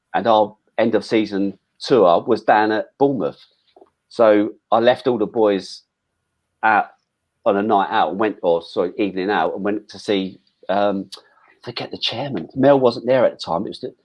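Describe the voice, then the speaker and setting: Chatty middle-aged Englishman, slightly low voice. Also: moderate pace. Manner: chatty, frequent restarts and "um"s, swears casually. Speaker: former footballer guest. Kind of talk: casual interview storytelling.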